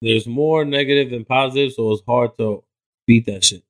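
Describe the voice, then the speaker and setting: A man's voice: mid-range voice, normal speed. A man from New Jersey, a hip hop artist guest, talking earnestly and motivationally in casual chat, with some swearing.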